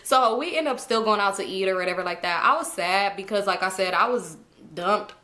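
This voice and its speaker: A woman telling a casual storytime, animated and laughing, swearing freely. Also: medium pitch, brisk. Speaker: storytime vlogger.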